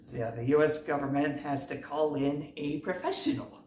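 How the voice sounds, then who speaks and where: A man's voice: fairly high pitch, fairly even intonation, moderate pace, darkish tone. A man hosting a casual movie recap, talking in a rambling, self-correcting way. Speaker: movie review host. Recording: roomy, distant mic, faint noise.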